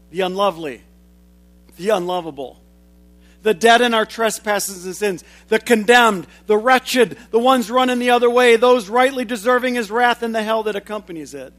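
A man in his forties delivers a sermon in a notably high voice. He drives some lines home loudly and drops others to a hush, working through his points with steady conviction. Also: normal speed. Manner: swings from loud emphatic lines to hushed low ones. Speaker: preacher.

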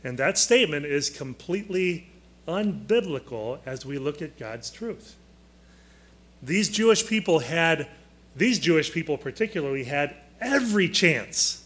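A man teaching a Bible lesson to a class, deliberate and emphatic, pausing to quiz his listeners. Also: a little high, animated, a bit bright.

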